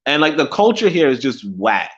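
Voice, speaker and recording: A man's voice: on the high side, very animated, normal speed. A young man hosting a casual livestream who rambles, swears freely, repeats himself and laughs often. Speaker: livestream host. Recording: dull lo-fi stream audio.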